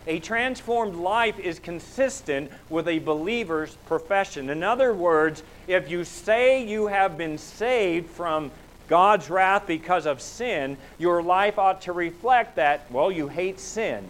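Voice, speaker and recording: A man's voice: high-pitched, lively intonation, takes it slowly, fairly bright tone, poor audio. Man preaching with rising emphasis. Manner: rhetorical questions, voice rising for emphasis. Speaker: pastor. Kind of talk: sermon.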